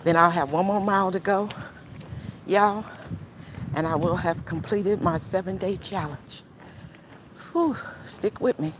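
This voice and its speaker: A woman's voice: fairly low pitch, fairly even intonation, a little slow, pauses often. An older woman live-streaming her walk, chatting casually to viewers between heavy breaths and sighs, out of breath. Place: outdoors in a neighborhood, walking. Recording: outdoor noise behind.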